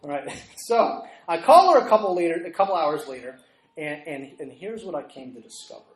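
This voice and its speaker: A middle-aged man delivers a sermon as a lively story, acting out the people in it. His voice sits a little high, and it rings around an echoey church room. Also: fairly quick. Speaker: preacher.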